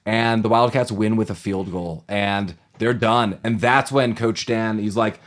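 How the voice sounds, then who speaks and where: A man's voice: fairly low pitch, fairly even intonation, a little slow. A man co-hosting a podcast, chatting casually and rambling through a movie recap, with fillers and voices for the people he quotes. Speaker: podcast co-host.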